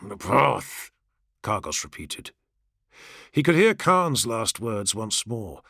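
A man narrating fiction as an audiobook in a measured, dramatic reading. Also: fairly low pitch, sing-song, a bit bright, no echo, studio quality.

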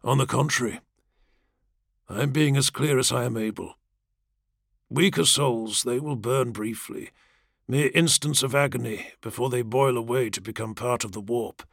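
A man reading the part of a grave, earnest male warrior-priest, speaking low, soothing and solemn, in an audiobook. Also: normal speed, creaky, a bit bright, no echo, clean studio sound.

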